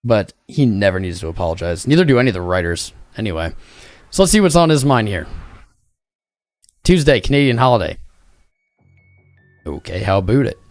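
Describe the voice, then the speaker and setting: A man's voice: fairly low pitch, very animated, a little fast, pauses often, no echo, studio quality, faint music behind. A tired man hosting a livestream, chatting casually in a rambling, jokey way. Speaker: crypto livestream host.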